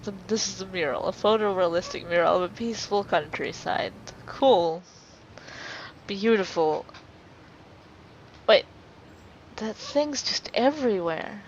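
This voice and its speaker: A woman's voice: medium pitch, a little slow, long pauses. A woman giving let's play commentary as she plays a video game, often exclaiming and laughing at it. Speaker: gamer playing a video game. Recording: dull lo-fi mic with faint hiss.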